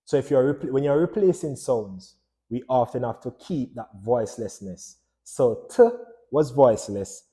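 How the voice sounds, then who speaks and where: A man's voice: medium pitch, mellow. A man giving a casual lesson on phonology, asking his listeners questions and answering them himself. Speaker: language teacher.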